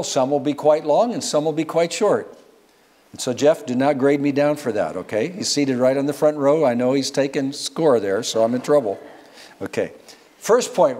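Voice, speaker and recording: A middle-aged man preaching a sermon at a church service, swinging from quiet low asides to loud rising exclamations. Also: normal speed. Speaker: guest preacher.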